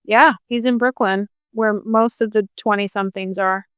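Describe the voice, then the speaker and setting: A woman's voice: mid-range voice, fairly even intonation, normal speed, fairly bright tone, smooth, no room sound. A middle-aged woman co-hosting a podcast, chatting casually with dry, teasing remarks. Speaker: podcast co-host. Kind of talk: casual chat.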